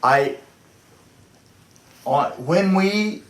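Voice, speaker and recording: A man's voice: high voice, expressive, extremely slow. A middle-aged or older man, a production designer telling stories in a casual chat, restarting often and acting out what others said. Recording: echoey room.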